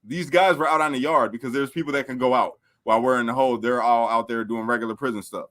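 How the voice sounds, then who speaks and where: A man who is a podcast guest, telling prison stories in a casual, animated, slangy way with frequent laughter. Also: medium pitch, quick pace. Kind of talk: casual storytelling.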